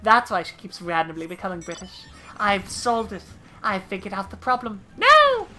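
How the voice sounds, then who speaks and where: A woman's voice: medium pitch, moderate pace, pushed and bright, soft background music. A woman streaming a game live, chatting casually, thanking viewers and joking.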